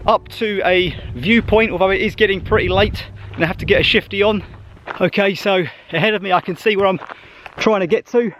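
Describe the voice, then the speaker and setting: High-voiced man vlogging outdoors. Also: fairly even intonation, a little fast, dull audio, soft background music. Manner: chatty, thinking aloud while walking. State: slightly out of breath on a hike. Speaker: travel vlogger. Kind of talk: casual travel vlog narration. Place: outdoors on a mountain trail by a lake.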